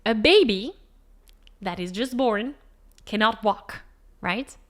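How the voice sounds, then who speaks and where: A woman singing teacher explaining vocal anatomy to the camera, emphatic and animated, asking rhetorical questions. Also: medium pitch, slow.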